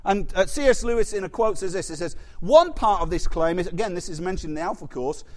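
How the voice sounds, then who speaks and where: A man delivers a sermon, his voice sitting high for a man. He preaches in a lively, conversational way, breaking off to ask the congregation questions and trade asides. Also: fast talker.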